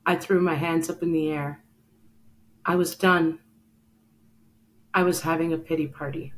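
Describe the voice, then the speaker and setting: A woman's voice: low-pitched, fairly even intonation, normal speed, pauses often, poor audio. A woman hosting a show, telling a personal story in an earnest, emotional way and speaking straight to the listener. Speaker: podcast host.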